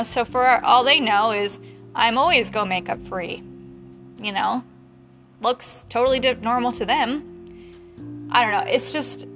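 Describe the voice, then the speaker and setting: A woman in her late twenties, a photographer, chatting casually in an animated, heated way and laughing often. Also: fairly high pitch. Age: 20s. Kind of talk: casual chat.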